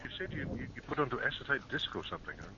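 A man's voice: medium pitch, sing-song, rapid-fire, bright, forceful tone, highs cut off, slight background noise. A man co-hosting a radio chat, joking in a self-mocking, teasing way. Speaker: radio show co-host.

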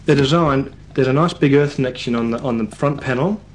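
A man's voice: medium pitch, a little fast, slight background noise. A man presenting radio, grumbling wryly about his equipment in casual studio banter. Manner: wry, grumbling about gear.

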